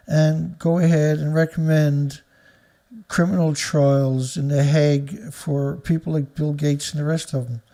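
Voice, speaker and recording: A man with a gravelly, raspy edge and a fairly high pitch rants through a commentary show. He reads a headline, then tears into it with profanity and insults. His tone is dark and heavy despite the high pitch. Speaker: news commentary host. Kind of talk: angry ranting commentary.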